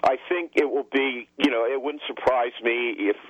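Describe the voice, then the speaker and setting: A man, a political strategist guest on a radio call-in show, speaking haltingly with many filler pauses. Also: mid-range voice, fairly even intonation, slightly rough, dry recording. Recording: dull lo-fi phone line.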